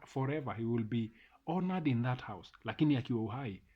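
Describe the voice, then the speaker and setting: Husky Kenyan man ranting. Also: mid-range voice, lively intonation, fast, highs cut off. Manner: ranting, emphatic, repeats phrases. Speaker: vlogger. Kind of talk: opinion monologue to camera.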